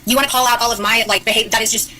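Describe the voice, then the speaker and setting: A woman's voice: a little high, steady tone, very fast, pushed and bright, slight background noise, rough recording. A woman arguing defensively on a livestream, exasperated and filling gaps with "like" and "um". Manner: defensive, exasperated, lots of fillers. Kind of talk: heated livestream argument.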